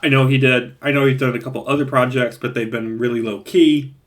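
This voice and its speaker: A man gives a casual, rambling spoken movie review, chatty and laughing at his own points. His voice is medium-pitched with fairly even intonation, and he talks a little fast.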